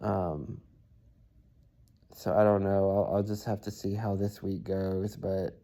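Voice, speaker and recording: A tired man speaks into his camera in a low, mellow voice that barely rises or falls. He talks in a halting way, restarting sentences and filling pauses, like a personal video diary. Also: steady tone. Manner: halting, soft-spoken, many fillers and restarts. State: weary and tired. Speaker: vlogger.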